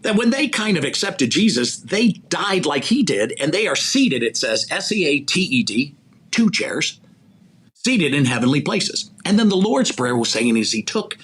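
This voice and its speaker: A man, a sports executive recruiter and podcast guest, talking in a preachy, animated way about faith and asking rhetorical questions. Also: fairly high pitch, normal speed, breathy edge. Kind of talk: faith-centered motivational conversation.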